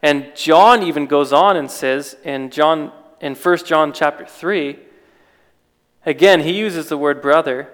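A man delivers a relaxed, conversational sermon in a fairly high voice, often restarting his sentences and asking rhetorical questions. His voice rings out with a long reverb, as in a large hall. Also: unhurried. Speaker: preacher. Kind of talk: informal sermon.

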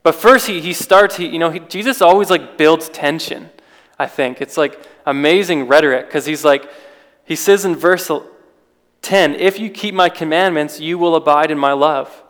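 A preacher gives an informal, relaxed sermon in a conversational style, his fairly high voice moving at a moderate pace. He often restarts sentences and poses rhetorical questions. A long reverb makes him ring out as if in a large hall.

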